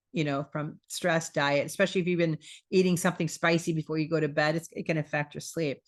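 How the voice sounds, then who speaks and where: Chatty low-voiced woman wellness host. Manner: chatty, repeats phrases, acts out quoted self-talk. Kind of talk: casual spoken talk.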